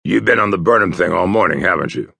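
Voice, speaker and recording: A man's voice: deep voice, animated, fast talker, gravelly, pushed and bright, breathy edge, no echo, exaggerated voice. A man voicing a harsh, commanding male chief of detectives in an audiobook. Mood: businesslike.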